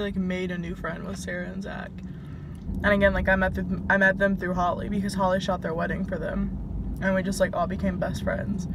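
A woman's voice: mid-range voice, background noise. A woman in her twenties with a Southern US accent, chatting casually to camera in a vlog and filling her sentences with "like". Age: 20s. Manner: chatty, fills every pause with "like". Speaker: vlogger.

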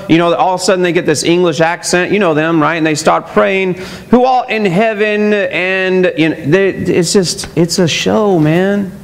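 A man's voice: a little high, vocal fry. A man preaching a sermon as pastor, talking casually to the congregation and mimicking hypocrites in mocking voices. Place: church sanctuary. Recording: long church hall reverb.

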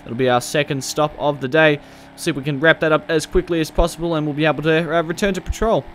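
A man with a bright, somewhat high voice narrates a police roleplay game as he plays. He chats and jokes along the way, laughs easily, and switches to barking orders at suspects. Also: fairly even intonation, fast, a little hiss or hum. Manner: chatty and joking, laughs often, barks commands at suspects. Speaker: gaming video creator. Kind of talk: gameplay commentary during police roleplay.

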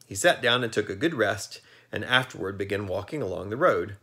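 A man reading a children's storybook aloud in a lively, expressive way. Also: fairly low pitch, fairly quick. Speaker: narrator.

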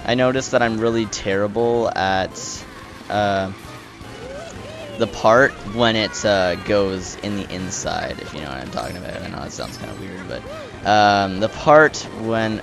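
A young man giving excited, swearing live commentary while playing a racing game, groaning and shouting at rivals. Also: on the low side, normal speed, vocal fry, soft background music. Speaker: let's play gamer.

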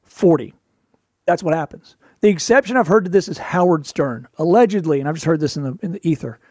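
A man hosting a show, giving casual advice in a wry storytelling way, with quick asides. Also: on the high side, animated, darkish tone, dry recording, studio quality. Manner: quick asides and playful put-on voices for quotes. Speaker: podcast host, performer.

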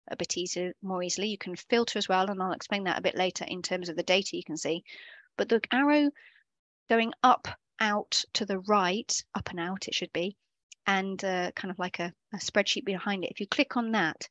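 Teaching a live coding session over video call, the instructor explains things chattily and keeps correcting herself as she goes. Her voice is mid-range, with no room sound in the recording.

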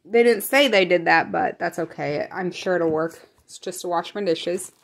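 A woman's voice: on the low side, moderate pace, gravelly, slight background noise. A young woman in a casual home vlog, chatting in a rambling way and often correcting herself. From American Midwest. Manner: whispering. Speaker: vlogger. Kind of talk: casual grocery haul chat.

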